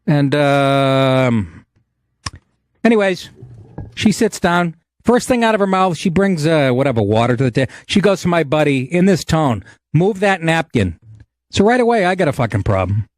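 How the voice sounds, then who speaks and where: A man's voice: a little high, big pitch swings, moderate pace, no room sound. A middle-aged man hosting a podcast, telling a profane, indignant comedic story in a rant. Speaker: podcast host.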